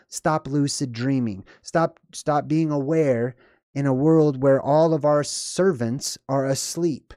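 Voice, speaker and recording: A man's voice: mid-range voice, a little slow, a little mellow, dry recording, clean studio sound. A man giving casual, rambling commentary on a horror movie and often checking in with "right?" and "okay?". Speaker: video commentator.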